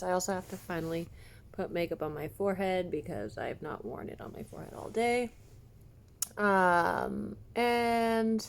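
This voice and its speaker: A woman's voice: medium pitch, creaky. A woman vlogger talking casually to camera, chatty and rambling. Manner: chatty, rambling, with restarts and laughs. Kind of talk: casual vlog chat to camera.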